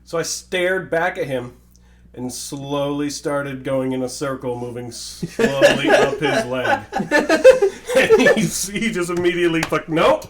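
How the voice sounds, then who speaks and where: A young man in casual chat, telling a story in a deadpan way that breaks into laughter. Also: on the high side, slow.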